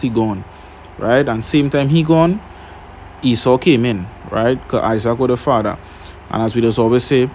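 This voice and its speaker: A man's voice: mid-range voice, a little mellow, a little hiss or hum. A man reading scripture aloud and retelling it in plain words, often checking with "right?". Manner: reads scripture then retells it in casual Caribbean-style English, asking "right?". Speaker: Bible teacher. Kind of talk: Bible reading and teaching.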